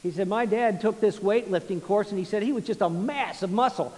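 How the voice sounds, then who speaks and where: A man preaching a sermon, retelling a story with many repeats and restarts, swinging between quiet and loud passages. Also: sits high, brisk, big-room sound, poor audio. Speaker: pastor.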